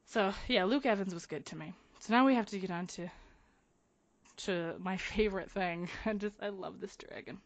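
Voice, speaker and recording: A young woman co-hosting a podcast, chatting casually and gushing in excited, swearing bursts. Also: medium pitch, no echo, dull audio. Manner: excited, profane, fast bursts. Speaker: podcast co-host. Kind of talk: casual chat.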